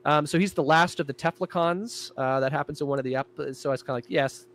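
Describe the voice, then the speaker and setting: A man in casual podcast chat, describing his own show in an animated way. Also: fairly high pitch, quick pace. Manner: animated, jumping into character voices.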